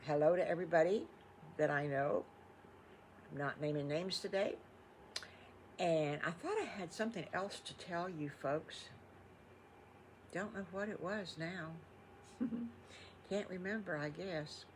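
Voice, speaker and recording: A woman's voice: on the low side, a little slow, long pauses, a little hiss or hum. An older woman, improvising a children's story in a chatty, rambling way full of fond exclamations. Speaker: storytelling grandmother.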